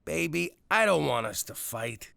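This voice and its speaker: An actor voicing a gruff, doting mobster father in an adult cartoon, blustery and quick to shout before softening. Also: medium pitch, lively intonation, no echo, heavily acted. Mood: coaxing. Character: gruff mobster dad, doting and hot-tempered.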